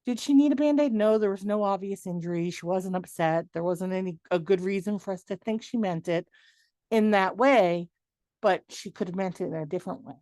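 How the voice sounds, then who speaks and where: Animated woman presenting a workshop. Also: mid-range voice, a little fast, no echo. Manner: lively, animated, acts out quoted dialogue. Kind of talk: webinar presentation.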